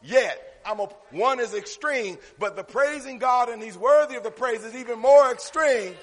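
High-voiced preacher in a reverberant church. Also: male voice, moderate pace. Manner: call-and-response preaching, rising to shouts. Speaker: pastor. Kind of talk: sermon. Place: church sanctuary. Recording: long reverb of a church hall.

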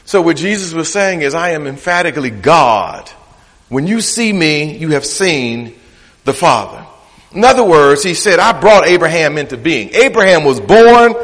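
Man, preacher, sermon, high voice, emphatic rise and fall, long church reverb. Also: sing-song, moderate pace, fairly bright tone. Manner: emphatic, preaching with rising and falling delivery.

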